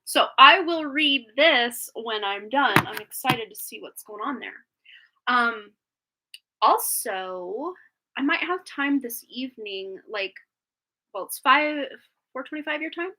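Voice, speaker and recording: A woman's voice: on the high side, lively intonation, slow, pushed and bright. A woman reading tarot on a live stream, chatting casually in a rambling way with frequent laughs, a little phlegmy after being sick.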